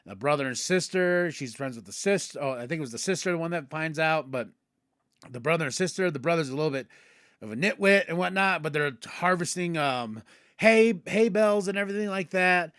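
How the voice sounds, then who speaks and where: Podcast host, male, excitable storyteller, fairly high voice, dry close sound. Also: brisk, clear, resonant tone, no room sound. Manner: excitable, acts out characters' lines mid-story. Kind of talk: casual episode recap.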